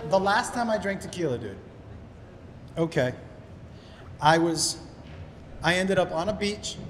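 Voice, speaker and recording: A Massachusetts man works the crowd during a stand-up set, rambling into a handheld mic through loose, profane stories on a comedy club stage. His voice is fairly high, with a little hiss or hum, in a live recording full of long reverb and crowd sounds.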